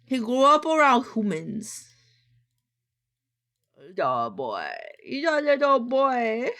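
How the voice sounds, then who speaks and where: A woman streamer chatting casually, excitable and gushing, swearing and muttering to herself. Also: a little high, takes it slowly, long pauses. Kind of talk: casual live-stream chat.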